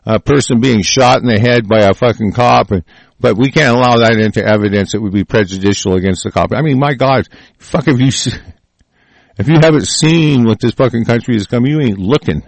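A man in a profane, furious rant reacting to the news, full of halting restarts. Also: medium pitch, vocal fry, dry recording.

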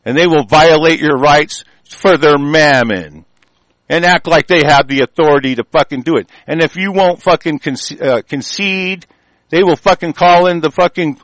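A man delivering an angry, profane political rant, heated and forceful. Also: fairly high pitch, moderate pace, no room sound, rough recording. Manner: heated, profane, shouting tirade.

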